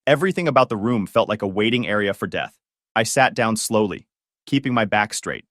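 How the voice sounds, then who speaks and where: Calm man narrating a story. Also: lowish voice, a little fast, no echo, studio quality. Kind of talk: scripted narration.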